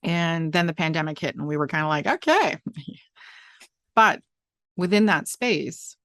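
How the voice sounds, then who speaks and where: Low-pitched lady hosting a chat show, rambles a lot, very dry sound. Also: a little slow, fairly bright tone, dry recording. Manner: chatty, rambling with frequent restarts and fillers. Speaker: podcast host. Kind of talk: casual chat.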